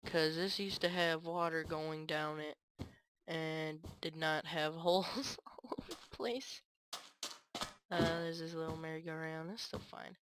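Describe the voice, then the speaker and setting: A woman with a fairly low voice talks over gameplay in casual commentary. She rambles and sounds aggrieved, and her talk is full of fillers and restarts. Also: unhurried, noisy background. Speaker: gaming channel creator.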